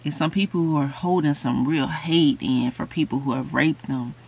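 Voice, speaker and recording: A woman's voice: low-pitched, normal speed, creaky, a little mellow, slightly rough, poor audio. A woman preaching in an informal, conversational way, earnest and repetitive, building to emphatic peaks.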